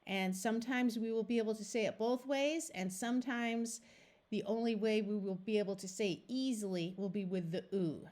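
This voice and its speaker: A woman's voice: medium pitch, normal speed, darkish tone. A woman reading tutor teaching a phonics lesson, patiently sounding out letters and words one by one.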